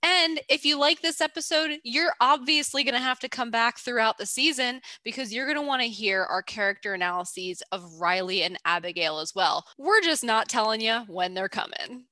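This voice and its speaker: A woman co-hosting a casual podcast, upbeat and quick to laugh. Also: on the high side, lively intonation, sharp tone, no room sound. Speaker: podcast co-host. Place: DC area.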